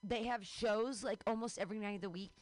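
A woman's voice: mid-range voice, fairly even intonation, fairly quick, no echo. A woman hosting a comedy show, introducing the next act with bubbly enthusiasm.

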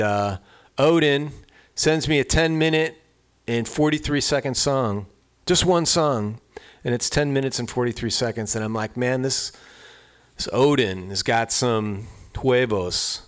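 Rambling, chatty middle-aged radio host. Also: male voice, medium pitch, clean tone. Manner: rambling, chatty, with restarts and asides. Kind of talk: casual on-air storytelling.

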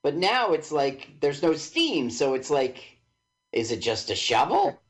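Man, higher voice, lively ups and downs, punning, casual podcast chat. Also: husky. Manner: playful punning, quick reactions. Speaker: podcast co-host. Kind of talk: casual movie-watching chat.

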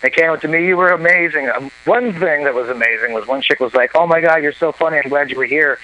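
A man telling a long comic story on a talk show, animated and profane, acting out what others said. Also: on the high side, fast, lo-fi sound, slight background noise. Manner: animated, profane, acts out quoted voices. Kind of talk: casual storytelling.

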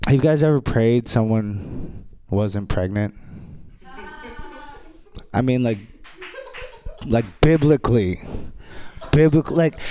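A man performing a rambling stand-up routine on a radio show, telling dark, crude jokes in an offhand way. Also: fairly high pitch. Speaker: stand-up comedian.

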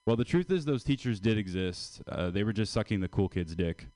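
A man's voice: on the low side, lively intonation, brisk, darkish tone, no echo. A man doing a casual, crude stand-up bit at an open mic. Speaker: stand-up comedian.

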